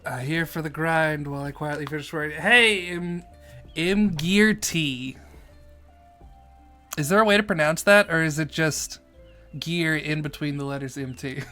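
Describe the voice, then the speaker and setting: A man in a casual live stream, joking his way through questions from chat. His voice sits a bit high and sounds bright and sharp. Quiet game music plays in the background. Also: moderate pace. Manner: goofy and jokey, reads chat aloud and answers it. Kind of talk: casual live-stream commentary while playing.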